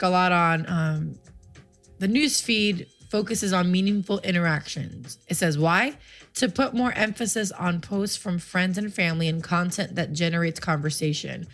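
A woman's voice: medium pitch, a bit bright. A woman in her twenties hosting a casual live-streamed talk show, goofy and teasing, often joking that she is kidding. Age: 20s. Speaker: show host.

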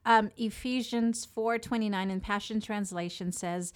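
A woman hosting a casual faith podcast, reading scripture aloud and talking it over earnestly with pauses and fillers. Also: mid-range voice, fairly even intonation. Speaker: podcast host.

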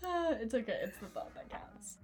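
A woman's voice: fairly high pitch, very animated, moderate pace, over music. A young woman co-hosting a casual podcast from her room over a video call, laughing often and joking at her own expense. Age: young adult. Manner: laughs often, self-deprecating. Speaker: podcast co-host. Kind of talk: casual chat.

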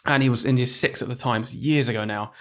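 Laughing podcast co-host. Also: male voice, mid-range voice, a bit bright. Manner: laughs along, quick reactions. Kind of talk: casual podcast chat.

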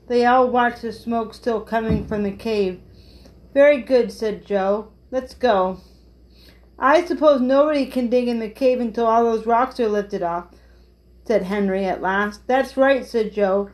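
A woman's voice: on the high side, a little mellow, poor audio. Woman reading a children's book aloud. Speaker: storyteller.

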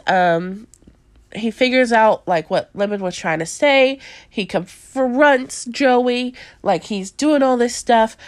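A young woman hosting a casual podcast about movies, talking in an animated way with a lot of fillers and frequent laughter. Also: medium pitch, no room sound. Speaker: podcast host. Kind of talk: casual chat reviewing movies.

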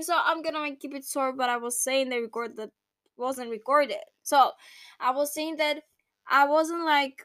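A woman's voice: sits high, moderate pace, bright, forceful tone, no echo. A young woman hosting a personal podcast, talking casually and emotionally, rambling, laughing and swearing now and then. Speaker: podcast host.

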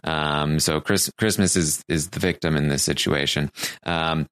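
A man's voice: a bass voice, steady tone, a little slow, a bit bright, clean tone, no echo, studio quality. A man hosting a casual recap show, hesitant and full of fillers and restarts. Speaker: podcast host.

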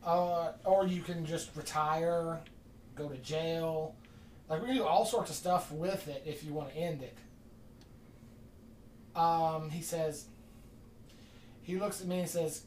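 Speaking at normal speed with long pauses, the podcast host loosely retells a story, animatedly voicing each quoted line. A distant mic in an echoey room gives his middle-pitched voice a roomy sound, with faint ambience and a little hiss or hum.

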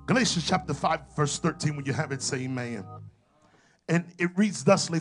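A man's voice: on the high side, expressive, normal speed, husky. A man preaching a sermon, drawing out scripture and leading the congregation in call and response. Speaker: pastor.

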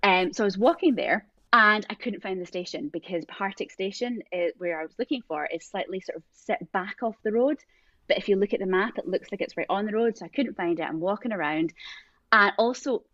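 A woman's voice: mid-range voice, dry recording, dull audio. A woman with a drifting Scottish accent, a podcast guest chatting casually and acting out voices as she tells stories. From Scotland. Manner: animated storyteller, acts out voices. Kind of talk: casual chat.

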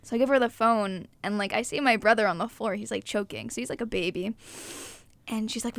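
A young woman telling a story in casual podcast chat, acting out what people said with lively energy. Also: fairly high pitch, fast, no room sound. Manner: animated, acts out quotes.

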